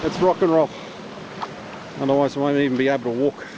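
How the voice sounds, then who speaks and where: A man talks to his action camera while hiking in a bush gorge, narrating each step in an easy, chatty way. His voice sits in a middle range, and the audio is muffled with clear outdoor noise behind it. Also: medium pitch, steady tone, brisk. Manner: chatty, self-narrating on the move. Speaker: bushwalking vlogger. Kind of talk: casual outdoor vlog.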